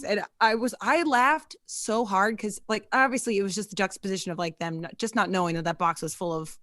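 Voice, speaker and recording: A woman's voice: mid-range voice, fairly bright tone, no echo. A woman hosting a casual podcast chat, joking and playful. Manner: playful, quick jokes. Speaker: comedian host.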